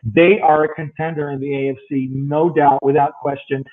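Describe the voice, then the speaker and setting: A man's voice: fairly high pitch, little pitch movement, normal speed. A man hosting a podcast, chatting casually through game picks. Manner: talkative, rundown of matchups. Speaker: podcast host. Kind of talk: casual sports picks chat. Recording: tinny phone-like sound.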